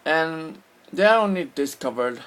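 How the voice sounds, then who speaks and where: Korean guy w korean accent vlogging his opinion, slow and earnest, keeps searching for words. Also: a little high, lively intonation, fairly bright tone, clean tone. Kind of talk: casual opinion monologue.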